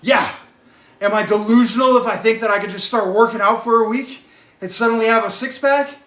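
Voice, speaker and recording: An out-of-breath man talking to his live stream chat while riding an exercise bike at home, getting worked up and yelling at times. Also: sits high, fairly quick, reverberant. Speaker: fitness vlogger live streaming his workout.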